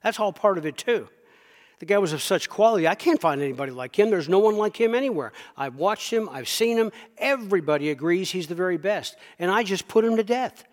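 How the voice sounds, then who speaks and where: A man's voice: sits high, lively intonation, brisk, long reverb tail, pitched above the performer's own voice. A man preaching a sermon voices a distraught ancient king fretting over losing his best man. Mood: anguished.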